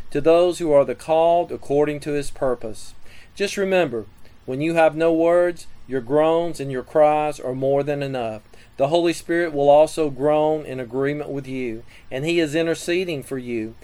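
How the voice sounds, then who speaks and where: A man giving a scripted sermon teaching on prayer, reading scripture and listing numbered points in a measured way. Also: fairly high pitch, a little mellow, low-quality recording. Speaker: preacher.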